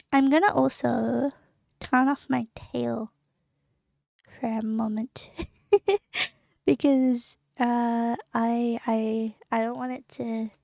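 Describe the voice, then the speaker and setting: A young woman streaming casually, giggly and excitable, chatting to her viewers. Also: a little high, drawn-out words, gravelly, no echo, studio quality. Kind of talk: casual live-stream chat.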